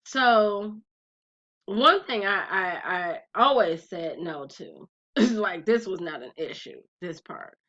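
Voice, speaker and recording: A young adult woman telling a personal story in a casual vlog, talking straight to her viewers in a chatty, animated way. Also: mid-range voice, takes it slowly. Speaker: vlogger. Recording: slightly dull lo-fi recording.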